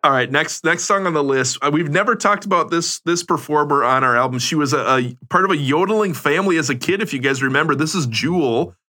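Man, podcast co-host, chatty storyteller, bright sharp tone. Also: fairly high pitch, quick pace, hardly any pauses. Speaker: podcast co-host presenting songs. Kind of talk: casual comedic chat.

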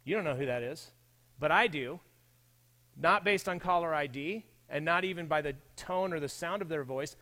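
A man's voice: on the high side, moderate pace, bright, forceful tone. A man preaching a sermon in a church, talking in a conversational way and addressing his listeners directly. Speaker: pastor.

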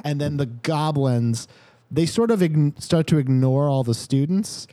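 A man's voice: a little high, expressive, unhurried, warm tone, no room sound. A man narrating a tabletop game as dungeon master, laid-back and casually swearing.

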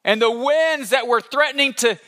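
A male pastor preaching a sermon in an animated, conversational storytelling manner. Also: very high voice, normal speed.

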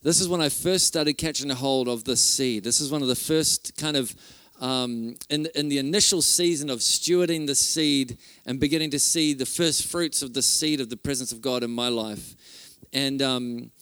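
A male pastor preaching at a conference, telling stories in an animated, excited way with many fillers. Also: medium pitch, moderate pace, clear, resonant tone, no echo. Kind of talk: conference sermon storytelling. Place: conference hall stage.

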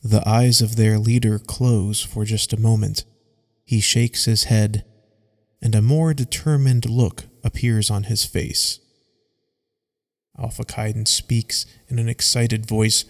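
Man reading a story script slow, gravelly voice, echoey hall. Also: on the low side, fairly even intonation. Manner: reads scene directions aloud, measured. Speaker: narrator.

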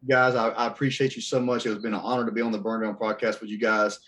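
Animated man telling a story. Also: fairly low pitch, fast talker. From Southern US. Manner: animated, acts out quoted voices. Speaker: podcast guest. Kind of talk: casual storytelling.

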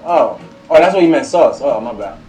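A man co-hosting a sports podcast in casual chat, chiming in with quick agreements. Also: mid-range voice, echoey room, soft background music. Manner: quick agreeing interjections, lively. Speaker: podcast co-host. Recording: distant from the mic.

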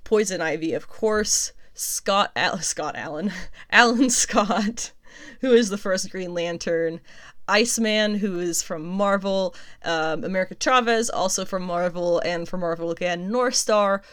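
A young adult woman hosting casual pop culture news commentary, chatty and quick to laugh, often stopping to correct herself. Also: lowish voice, clean tone.

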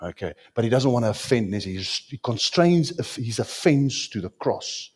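Male pastor, South African accent, church sermon, very animated pitch, playful asides. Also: a little slow, slightly rough. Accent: South African English. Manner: lively, joking, switches to Afrikaans asides.

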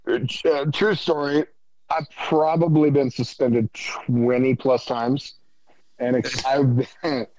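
A man's voice: mid-range voice, steady tone, slow pace, a little mellow, no room sound, low-quality recording. A man co-hosting a casual podcast, talking in a blunt, brash, offhand way. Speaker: podcast co-host. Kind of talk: casual chat.

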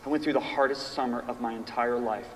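A man in his fifties teaching a class in a sermon style, telling personal stories and reading scripture slowly and emphatically. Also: mid-range voice, slight background noise. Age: 50s. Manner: animated storytelling, reads scripture slowly and emphatically. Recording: echoey hall from far off, faint ambience.

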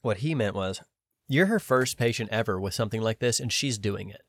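This podcast host is a man whose lowish voice moves briskly through a lengthy, laid-back tale. He quotes others in his own voice and throws in the odd swear word, all captured in clean studio sound with no echo.

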